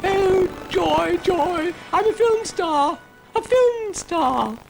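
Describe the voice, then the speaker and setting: A British man voicing a giddy, starstruck female cow in a shrill, gushing falsetto. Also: expressive, extremely slow, gravelly, soft background music, heavily acted, low-quality recording.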